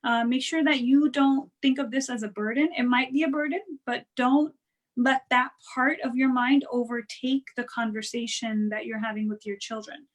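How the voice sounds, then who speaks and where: High-voiced woman giving casual advice. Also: fairly even intonation, moderate pace, low-quality recording. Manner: conversational, frequent "right?" and "you know" tags; acts out quoted voices to show tone. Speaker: guest speaker on parenting and wellness.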